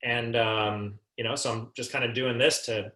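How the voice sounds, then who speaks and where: A man's voice: mid-range voice, steady tone, normal speed, bright, forceful tone, pitched below the performer's own voice, lightly acted. A man voicing a friendly young male restaurant server who talks in an upbeat, casual way, saying "man" and "like". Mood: easygoing. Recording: echoey room.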